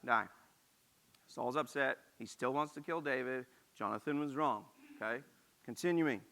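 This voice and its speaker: A man's voice: mid-range voice, normal speed, fairly bright tone. A man pastor preaching a casual, conversational sermon, reading scripture and breaking in with joking asides.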